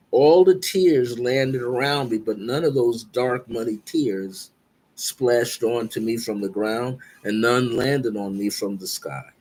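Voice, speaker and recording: A man speaking as a guest, calmly and earnestly recounting a spiritual dream. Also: mid-range voice. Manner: slow, reflective, earnest. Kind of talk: spiritual storytelling.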